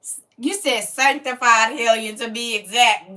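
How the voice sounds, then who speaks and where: Sassy woman host, bright voice. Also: a little high, a little slow, far from the mic. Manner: sassy, teasing, preachy, loud bursts of scolding. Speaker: livestream host teaching a class. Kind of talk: casual livestream chat reading comments.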